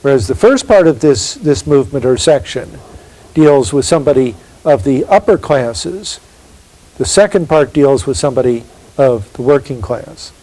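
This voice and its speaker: A man giving a university literature lecture, reading poetry aloud slowly and emphatically and posing rhetorical questions. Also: mid-range voice, expressive, warm tone, low-quality recording.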